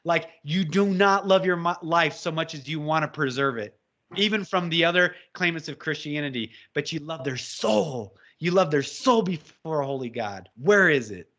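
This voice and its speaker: Passionate male preacher-type talker with a forceful, bright delivery on a muffled recording. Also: on the high side, animated, normal speed. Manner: impassioned, exhorting, rising to shouts when quoting. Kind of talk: fervent preaching conversation. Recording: dull lo-fi audio.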